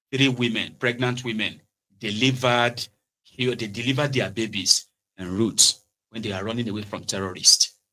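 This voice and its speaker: A man's voice: on the low side, bright, forceful tone, rough recording. A man with a Nigerian accent giving casual political commentary, switching between pidgin, Yoruba and English and mimicking other people. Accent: Nigerian, Yoruba-inflected Pidgin English.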